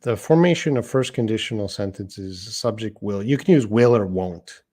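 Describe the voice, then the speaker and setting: Middle-aged man, low-ish voice, casual live-stream English teacher. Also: animated, normal speed, warm tone. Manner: casual and conversational, reads viewer questions aloud and answers them. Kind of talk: live-streamed lesson answering chat questions.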